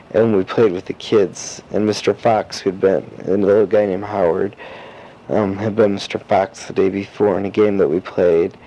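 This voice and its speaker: A teenage boy recording a personal audio diary, rambling and halting with lots of fillers and restarts. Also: fairly low pitch, mellow. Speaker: diarist. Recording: dull lo-fi cassette tape with faint hiss.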